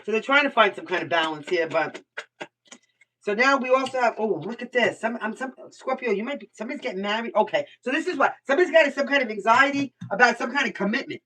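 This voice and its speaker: A woman's voice: on the high side, lively intonation, fast talker, sharp tone, slight background noise. An older woman from Brooklyn, giving a casual live tarot reading, blunt and chatty and swearing freely. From Brooklyn, New York. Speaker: tarot reader. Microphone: computer mic. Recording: voice somewhat far from the mic.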